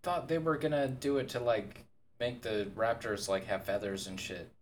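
A man's voice: medium pitch, fairly even intonation, moderate pace, a little hiss or hum. A man co-hosting a casual podcast, rambling loosely and peppering his talk with "like". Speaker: podcast co-host.

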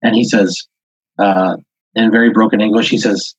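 A man with a low, breathy voice narrates a comic improvised story as game master. His talk is rambling, full of halts and small chuckles. The audio sounds dull and dry. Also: steady tone, moderate pace, no room sound.

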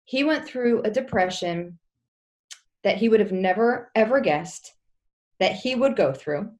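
A woman's voice: medium pitch, animated, a little slow, darkish tone. A woman, a pastor's wife, telling a personal story as a podcast guest in an earnest, heartfelt way. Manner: earnest, heartfelt, many restarts.

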